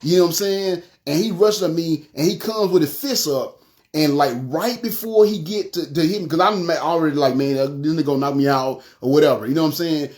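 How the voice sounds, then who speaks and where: A man, telling his personal testimony in an animated way, often saying "you know what I'm saying". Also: on the high side, fairly quick. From North Memphis. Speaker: testimony speaker.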